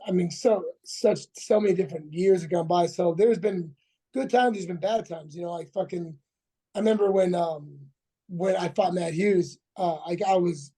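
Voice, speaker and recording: A man's voice: high-pitched, mellow, slightly rough. A man in his forties, a former fighter, telling a rambling, profane story as a podcast guest, full of restarts and acted-out quotes. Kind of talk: casual storytelling interview.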